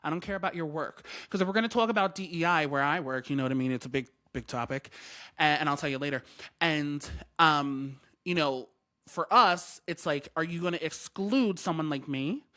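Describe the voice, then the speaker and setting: A man with a voice on the high side hosts a casual podcast chat, speaking a little fast in a bright, forceful tone. He talks emphatically and repeats his points for stress.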